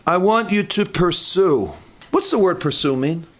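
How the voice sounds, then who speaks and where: A man's voice: high-pitched, animated, unhurried. A man preaching a sermon in church, emphatic and questioning his congregation.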